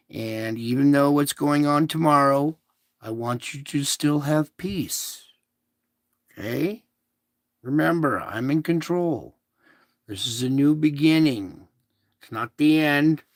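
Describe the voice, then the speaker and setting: A man hosting a casual spiritual show, talking in a slow, soothing, repetitive way to reassure his listeners. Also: on the high side, no echo, studio quality. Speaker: show host. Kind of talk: casual spiritual livestream talk.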